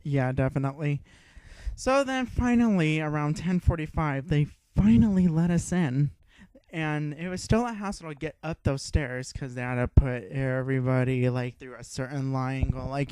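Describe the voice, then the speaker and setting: A young man co-hosting a podcast, telling a story in casual chat, excitable and swearing freely. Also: fairly high pitch, moderate pace, dry recording. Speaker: podcast co-host.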